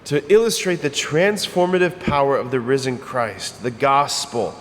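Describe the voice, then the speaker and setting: A man's voice: mid-range voice, moderate pace, fairly bright tone, in a large hall, a little hiss or hum. A male priest giving a homily in a conversational, emphatic way, often repeating his phrases.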